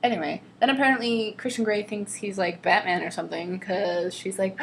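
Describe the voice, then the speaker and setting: A woman's voice: medium pitch, steady tone, a little fast, creaky, a little hiss or hum. Sarcastic young woman vlogger. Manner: exasperated, mocking, reads excerpts with exaggerated drama. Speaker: vlogger reading a novel aloud. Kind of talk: casual sarcastic book commentary.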